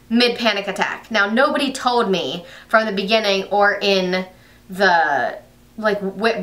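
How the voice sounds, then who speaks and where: A woman's voice: mid-range voice, sharp tone, far from the mic. A young woman telling a story in a casual vlog, chatty and full of "like" fillers. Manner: chatty, lots of "like" fillers, quoted asides. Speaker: vlogger.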